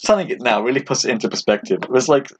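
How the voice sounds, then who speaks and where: A man's voice: mid-range voice, expressive, very fast. A young man hosting a podcast, chatting casually and laughing often, with lots of "like" fillers. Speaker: podcast host. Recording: slightly dull sound with faint noise.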